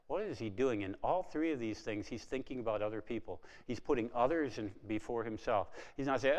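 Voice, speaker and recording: A man preaching a sermon, dropping to a hush when quoting and rising to emphatic, building appeals. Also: mid-range voice, fairly quick, few pauses, big-room sound.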